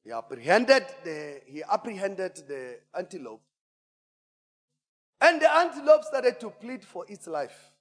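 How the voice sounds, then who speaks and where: Animated preacher, high voice. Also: male voice, a little slow. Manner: animated storyteller, call-and-response, swings from hushed to shouting. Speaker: pastor. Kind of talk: sermon. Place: church auditorium. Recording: church hall reverb.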